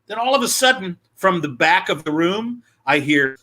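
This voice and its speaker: A male comedian on a video call, telling stories in a lively chatty way with quick asides. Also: sits high, very noisy. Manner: animated, quick asides, acts out quoted voices. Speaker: comedian guest. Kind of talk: casual comic storytelling.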